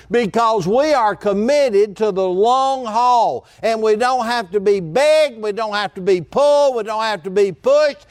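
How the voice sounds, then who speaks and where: A high-pitched man preaches from the pulpit, speeding up and slowing down and acting out the voices he quotes. The sound is close and dry, with no room echo. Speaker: pastor. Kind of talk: sermon.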